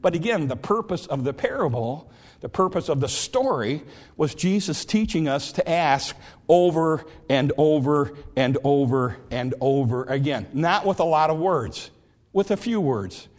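Animated storytelling male pastor. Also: a little high, unhurried. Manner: animated storytelling, repetitive emphasis. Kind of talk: sermon.

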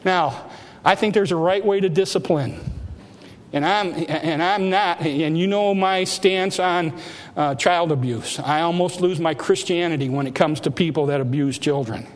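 High-voiced preacher in a reverberant hall. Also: male voice, normal speed. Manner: emphatic preaching with rising exhortations. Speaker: pastor. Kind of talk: sermon. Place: church sanctuary.

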